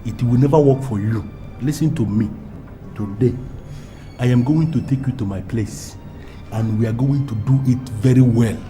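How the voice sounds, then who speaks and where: A man's voice: mid-range voice, normal speed, mellow, faint music behind, lightly acted. An actor with a Nigerian English accent playing a domineering man who threatens his lover in grandiloquent, repetitive speech. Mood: threatening. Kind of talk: Nollywood film acting.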